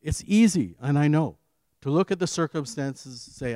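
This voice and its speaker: A man giving an earnest devotional sermon, telling his own story and swinging between firm emphasis and quiet asides. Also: a little high, lively intonation, moderate pace, dry recording. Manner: earnest, rising on key phrases and dropping to quiet asides. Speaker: preacher. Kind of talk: devotional sermon with personal testimony.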